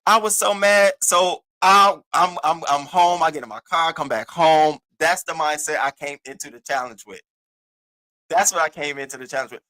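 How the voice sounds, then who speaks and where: A man hosting an online show, telling a story in a loud, profane, animated rant and acting out the other people's voices. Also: on the high side, moderate pace. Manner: acts out the other voices in his stories. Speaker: host of an online news show. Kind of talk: casual livestream rant.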